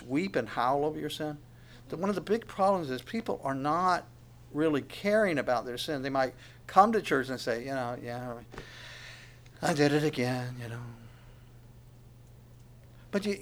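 A man preaching a sermon in a conversational way, asking questions of the congregation and at times dropping to a near whisper. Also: fairly high pitch. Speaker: pastor.

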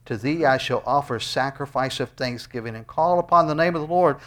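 This pastor's sermon includes a scripture reading and a closing prayer. He speaks a bit fast, shifting from high, loud cries to hushed, low side comments.

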